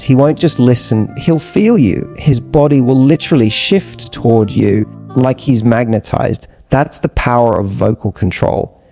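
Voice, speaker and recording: Man, scripted advice narration, persuasive and measured, mid-pitched, soft guitar music behind. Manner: smooth, measured, persuasive delivery with emphatic repetition.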